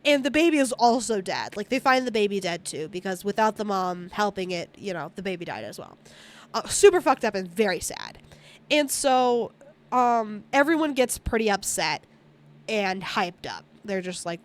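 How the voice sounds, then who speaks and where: Very animated and speaking at a moderate pace, this woman's mid-range voice carries a rambling movie recap on her stream. She swears frequently and performs the characters' quotes as she goes.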